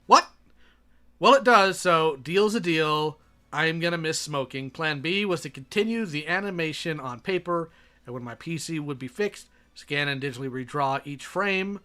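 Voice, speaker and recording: A man's voice: on the high side, normal speed, pushed and bright. A man reading messages aloud and reacting in a sarcastic, exasperated way.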